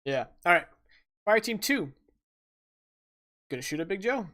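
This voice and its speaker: A man running a tabletop game as game master, brisk and joking as he calls turns and dice rolls. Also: sits high, big pitch swings, sharp tone.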